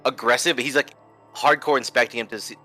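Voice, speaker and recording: Bright voiced guy at a tabletop game, rambly, says like a lot. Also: mid-range voice, steady tone, brisk, faint music behind. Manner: rambling, filler-heavy. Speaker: player. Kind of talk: casual table talk.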